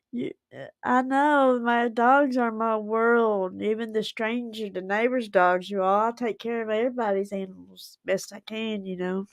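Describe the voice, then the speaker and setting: A woman's voice: medium pitch, creaky, dry recording, clean studio sound. A woman, chatting casually with viewers on a livestream and rambling on in her dialect. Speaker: livestream host.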